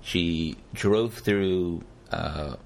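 A man's voice: deep voice, drawn-out words, gravelly, a little mellow, a little hiss or hum. A man hosting a podcast, chatting casually and joking, laughing often. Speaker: podcast host.

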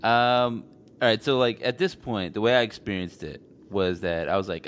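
Guy with a lowish voice, chatty, swears a bit, tells stuff animatedly. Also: normal speed, slight background noise. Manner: animated storytelling, swears casually, mimics other people. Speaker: podcast co-host. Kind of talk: casual chat.

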